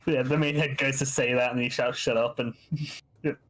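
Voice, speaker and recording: A man's voice: steady tone, background noise. Laughing man running a tabletop game. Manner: laughs often, puts on quick high demon voices. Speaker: game master.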